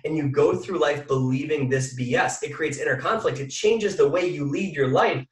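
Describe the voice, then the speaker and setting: A man giving a motivational talk to an audience, energetic and often asking the listeners questions. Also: a little high, normal speed. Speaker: mindset speaker. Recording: echoey room from far off.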